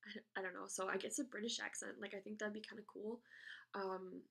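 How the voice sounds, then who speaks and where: Young American woman, casual vlogger, gravelly fry, hesitant rambling delivery. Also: mid-range voice, flat delivery, fairly quick, fairly bright tone. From United States. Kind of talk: casual chat answering a question tag.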